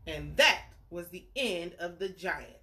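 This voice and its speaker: A woman tells a bedtime story to young listeners, her voice bright and crisp. Her pitch swings widely as she narrates and stops to ask the children questions. She keeps a playful, chatty manner throughout. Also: animated, takes it slowly.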